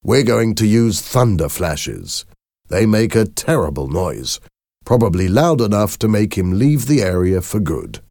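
A man voicing a calm, steady uncle who works as a wildlife officer, speaking in a measured, firm way. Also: fairly low pitch, gravelly, no room sound, clean studio sound, pitched above the performer's own voice, full character voice.

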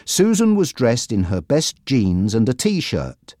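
A narrator reading a simple storybook in a clear, measured way. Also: mid-range voice, huge pitch swings, warm tone, no room sound, studio quality. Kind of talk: graded-reader audiobook narration.

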